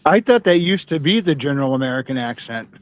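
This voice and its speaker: A man's voice: on the high side, very animated, fast talker, faint music behind. A man from New England chatting in a writers' discussion in a matter-of-fact, conversational way. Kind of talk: casual chat.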